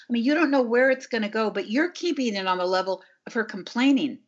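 A woman's voice: a little high, lively intonation, brisk, few pauses, lo-fi sound. A woman giving relationship advice in casual conversation, emphatic and acting out what couples say to each other. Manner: emphatic, acts out couples' dialogue.

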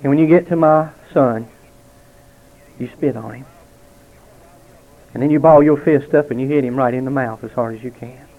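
A man in his forties preaching a dramatic testimony sermon, slowing and dropping almost to a hush for emphasis. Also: medium pitch. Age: 40s. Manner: dramatic, slows and drops to near quiet for emphasis. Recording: tinny phone-like sound.

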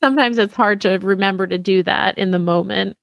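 A woman's voice: mid-range voice, a little fast, creaky, no echo. Reflective woman, dry close sound. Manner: reflective, casual, uses "like" often. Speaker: interview guest, memoir author. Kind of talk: casual conversational interview.

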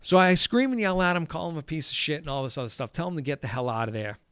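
Profane, animated male storyteller. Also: a little high, fast talker, smooth, no echo. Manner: profane, animated, acts out shouted quotes. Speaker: golf course superintendent. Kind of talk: casual storytelling.

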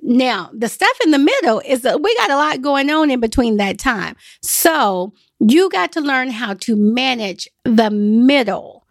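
A woman hosting a travel podcast in a lively, emphatic, chatty way. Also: sits high, a little slow, few pauses, no room sound, clean studio sound. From United States. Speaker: podcast host and travel agent. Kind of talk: solo podcast talk.

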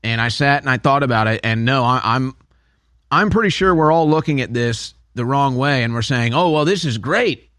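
A man's voice: medium pitch, moderate pace, fairly bright tone, clean tone, no echo. A man hosting a talk radio show, delivering a sarcastic, heated opinion monologue in a studio.

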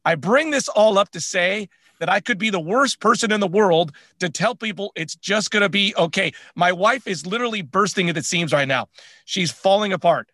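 A man co-hosting a podcast, talking candidly in a relaxed, chatty way. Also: sits high, normal speed, dry recording. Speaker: podcast co-host. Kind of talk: casual chat.

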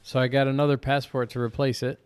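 Man, podcast host, animated storyteller, exasperated, mid-pitched voice. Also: quick pace, smooth. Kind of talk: casual storytelling chat.

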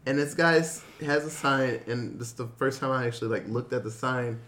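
A man's voice: medium pitch, brisk, slight background noise. A man hosting a podcast, telling rambling stories in casual banter with friends. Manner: rambling, animated storyteller. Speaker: podcast host.

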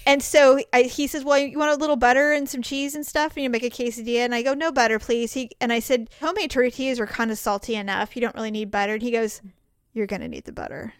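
A woman chats casually, telling family stories with lively energy and slipping into the voices of relatives. Her voice sits a little high. The sound is dry and close, with no room around it. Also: fast, few pauses, smooth, no room sound. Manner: animated, acts out voices of family members while telling stories. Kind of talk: casual chat, storytelling.

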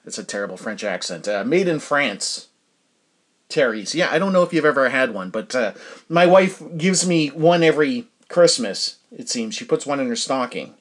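A man's voice: mid-range voice, lively intonation, normal speed. A middle-aged man hosting a casual solo podcast, chatting in a rambling way and often stopping to restart his sentences. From New Hampshire. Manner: rambling, chatty, self-interrupting with fillers. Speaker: podcast host.

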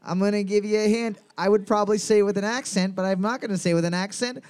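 Reading questions at a podcast's live trivia night, the host speaks fast in a high, clean, darkish voice with a steady tone. He's jokey and teasing toward the players, laughing often.

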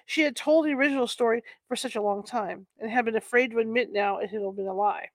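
Woman reading a history book out loud, kinda high voice, trips on words and fixes them, allergies bugging her, dry close mic. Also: quick pace, no room sound. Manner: stumbles and corrects herself with chatty asides. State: bothered by allergies. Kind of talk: casual read-aloud of a nonfiction book.

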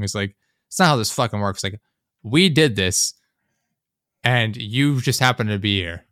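A man's voice: expressive, moderate pace, pauses often, fairly bright tone, no room sound. Sarcastic young man in a dry room. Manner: rambling, sarcastic, mimics people in high mocking voices. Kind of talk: casual chat.

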